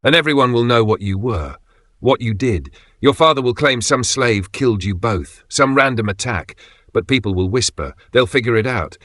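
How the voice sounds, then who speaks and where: A man reading the lines of a cold, vengeful woman in a dark narrated story, delivering measured threats. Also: medium pitch, expressive, no echo, lightly acted.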